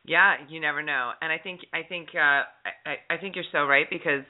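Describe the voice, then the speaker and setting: A man hosts a podcast chat in a slightly high, upbeat voice, encouraging his guest. The sound comes through thin and narrow, like a phone. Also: fairly even intonation, fairly quick. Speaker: podcast host. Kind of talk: casual podcast interview.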